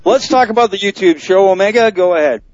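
A man's voice: high voice, fast talker, highs cut off. A man hosting a casual wrestling podcast, brash and profane, teasing his co-hosts. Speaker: podcast host.

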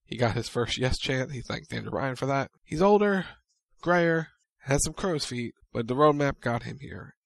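A man co-hosting a casual chat, recapping events in brisk storytelling and playing out quotes. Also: medium pitch, expressive, gravelly, no echo. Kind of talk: casual recap of a wrestling show.

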